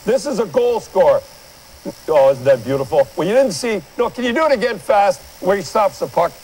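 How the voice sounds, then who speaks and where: A man's voice: sits high, expressive, a little fast, darkish tone, slightly rough, low-quality recording. An older man giving blunt, rambling hockey commentary and pointing viewers at replays in a studio. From Canada. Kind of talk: opinionated sports commentary.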